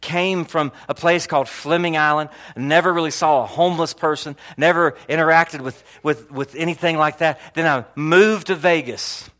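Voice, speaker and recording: A male pastor from Florida preaching a sermon and telling a personal story in an animated way, often repeating words and swinging from loud to hushed. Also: on the high side, normal speed, hardly any pauses.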